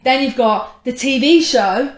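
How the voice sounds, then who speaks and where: A young woman co-hosting a podcast in easy, chatty conversation. Her voice sits high, and the room is noticeably echoey. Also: a little slow. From England. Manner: chatty, laughs easily. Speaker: podcast co-host. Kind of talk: casual chat.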